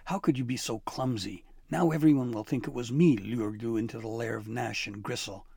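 A man's voice: medium pitch, a little fast, vocal fry, warm tone, breathy edge, no echo. A man voicing a small, frightened male elf who frets, scolds and pleads in a fussy, hissing way. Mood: frantic pleading.

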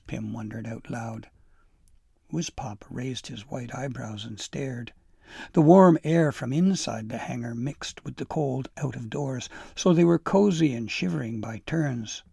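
Gravelly male storybook narrator. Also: mid-range voice, measured pace, warm tone, no echo, clean studio sound.

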